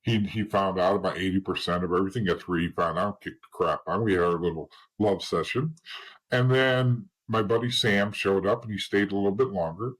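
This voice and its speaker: In a rough recording, a middle-aged interview guest recounts his life in blunt, rambling personal stories, frequently restarting and dropping "you know." He speaks briskly in a low-pitched, slightly rough voice.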